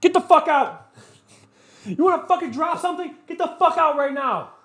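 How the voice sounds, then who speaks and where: A man's voice: extremely high pitch, animated, moderate pace, fairly bright tone, roomy sound, voice pushed up, heavily acted. A man voicing a furious parent who screams profanities at a small child. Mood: enraged.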